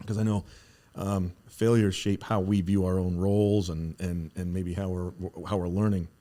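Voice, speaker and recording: A man's voice: low voice, level tone, normal speed, dark tone. A man hosting a podcast, chatting frankly and loosely with a guest and swearing now and then. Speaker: podcast host. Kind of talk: casual conversation.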